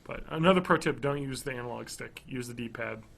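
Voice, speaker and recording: Bright-voiced, excitable man rambling casually. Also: mid-range voice, brisk, gravelly. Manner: enthusiastic, rambling, swings between loud bursts and mumbles. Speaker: podcast co-host. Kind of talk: casual chat.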